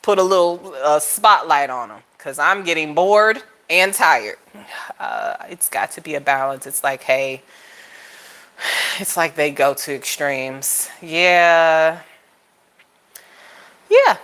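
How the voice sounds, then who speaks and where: Animated woman telling a story. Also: takes it slowly, long pauses. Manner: animated storytelling, jumps to high-pitched voices for quoted lines, laughs often. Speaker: tarot channel host. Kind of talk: casual chat to camera.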